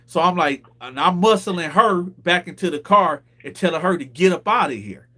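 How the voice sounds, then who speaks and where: Guy telling a street story on his show, kinda high voice, acts out everybody's lines. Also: expressive, normal speed, sharp tone, slight background noise. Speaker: host. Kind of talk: casual storytelling chat.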